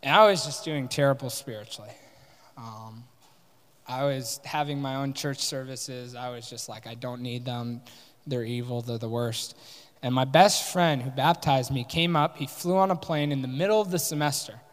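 A man's voice: medium pitch, moderate pace. Young guy telling a candid story to a crowd, acts out the dialogue, big echoey hall. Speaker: workshop speaker. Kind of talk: personal story told to a live audience. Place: large conference hall. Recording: live talk with long hall reverb.

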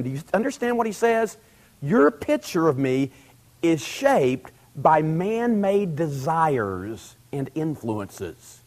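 A middle-aged man preaching a sermon in a conversational way, rising to loud emphatic peaks and acting out quoted dialogue. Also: a little high, big pitch swings, slow.

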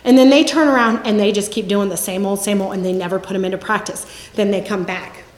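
A woman in her forties giving a Bible teaching talk in a lively storytelling manner. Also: medium pitch, fast, slight background noise. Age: 40s. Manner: lively storytelling, acts out quotes with laughs. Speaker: campus ministry speaker. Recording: echoey room.

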